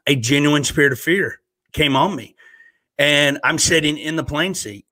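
A man's voice: medium pitch, bright, forceful tone, no room sound. A man with a Southern US accent, a guest on a faith podcast, preaching earnestly and slipping in self-mocking jokes. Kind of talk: casual faith podcast chat.

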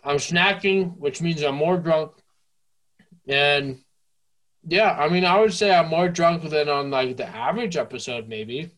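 A young man co-hosting a casual podcast, tipsy and playful, slipping into mock-infomercial pitches. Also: unhurried, fairly bright tone. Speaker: podcast co-host. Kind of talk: casual drunk podcast banter.

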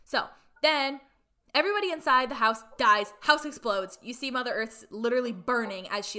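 A woman's voice: a little high, animated, normal speed, sharp tone. A woman in casual chat retelling a story, full of "like" fillers and playfully irreverent asides.

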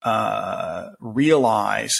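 A man's voice: fairly low pitch, extremely slow, vocal fry, a bit bright. A man who teaches as a professor, a guest on a podcast, talking with many hesitations and fillers. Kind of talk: interview conversation.

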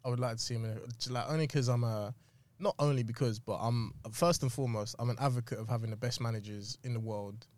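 A man's voice: medium pitch, fairly even intonation, fast, darkish tone, dry recording. A man co-hosting a football podcast in casual, slangy chat. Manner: slangy, emphatic. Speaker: podcast co-host.

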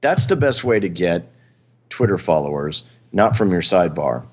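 A man talks through ideas with a co-host in a casual, rambling way, full of fillers and restarts. His voice sits very low. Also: big pitch swings, moderate pace, a little mellow, breathy edge. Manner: rambling, hesitant, frequent fillers and laughs. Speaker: podcast host. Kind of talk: casual chat.

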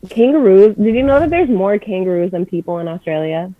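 A young woman in casual chat, talking fast with lots of fillers, blunt and swearing freely. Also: mid-range voice, lively intonation, dry recording, narrow, tinny audio.

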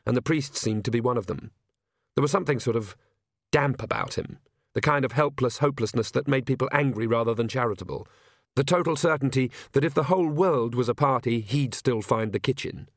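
A man narrating an audiobook in a measured, wry tone. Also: mid-range voice, dry recording, clean studio sound.

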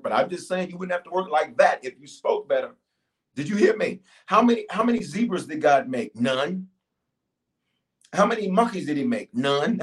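A middle-aged man preaching and praying on a livestream, calling out to his audience with bursts of shouting and quiet asides. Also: high-pitched. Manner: energetic, call-and-response, shifts from shouting to quiet. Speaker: pastor. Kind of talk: livestreamed sermon and prayer.

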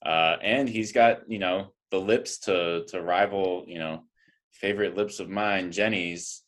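Male co-host, low voice, easygoing recap banter with fillers. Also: fairly even intonation, unhurried, fairly bright tone. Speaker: podcast co-host. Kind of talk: casual reality TV recap chat.

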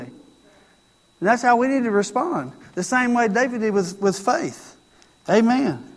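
A man's voice: very high-pitched, very animated, slow pace, long pauses, in a large hall. A man preaching a sermon, telling a story and acting out its lines, repeating phrases for emphasis.

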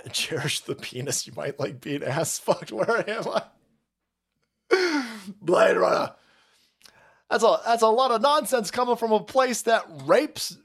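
A man's voice: high voice, very animated, unhurried, creaky, long pauses, a bit bright, breathy edge. A man hosting a livestream, thanking chat by name and ranting in a foul-mouthed, mocking way, laughing often. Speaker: livestream host reading chat.

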